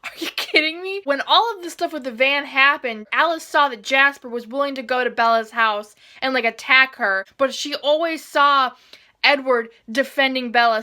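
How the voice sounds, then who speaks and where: Young woman, book vlogger, excited reading reaction, gushing, sharp bright tone. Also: high voice. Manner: gushing, swears, jumps to shrieks.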